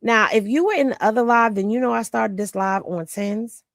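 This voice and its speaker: A woman hosts a casual livestream from home, talking straight to her viewers in a chatty, gossipy way. She sounds tired and has a fairly high voice with a gravelly edge of fry. The sound is close and dry, picked up by a phone or computer mic. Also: moderate pace, no room sound. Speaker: livestream host.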